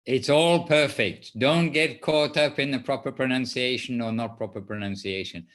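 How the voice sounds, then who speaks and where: A man leading a spiritual class, answering a question in a gentle, reassuring way with many pauses. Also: mid-range voice. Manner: soft-spoken, reassuring, hesitant with fillers. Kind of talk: gentle explanatory teaching.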